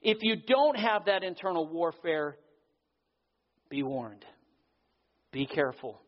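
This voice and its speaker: A man preaching a sermon as pastor, earnest, slowing down for emphasis. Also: on the high side, animated. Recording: dull audio with long hall reverb.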